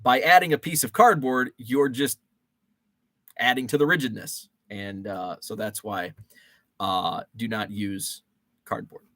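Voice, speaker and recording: A man's voice: medium pitch, fairly even intonation, unhurried, pushed and bright, no echo. A man in his forties hosting a casual rambling monologue, thinking aloud with fillers and restarts. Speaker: show host. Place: home basement.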